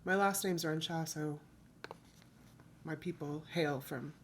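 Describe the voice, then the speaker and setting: Woman from the US, low-ish voice, rambling haul vlogger, faint room hum behind. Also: slow pace. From United States. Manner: chatty, rambling, self-correcting. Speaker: thrift reseller vlogger. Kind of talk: casual haul chat.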